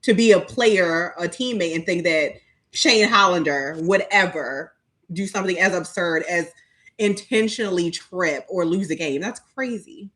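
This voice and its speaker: A woman co-hosting a fan podcast live stream, gushing and animated in casual chat. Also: fairly low pitch. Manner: animated, gushing, quick to laugh. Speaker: podcast co-host.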